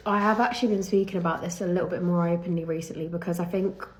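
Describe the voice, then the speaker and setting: A woman's voice: fairly low pitch, fairly even intonation, fast, darkish tone. A young woman with an English accent, a professional golfer, talking casually to camera in a vlog rant. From England. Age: young adult.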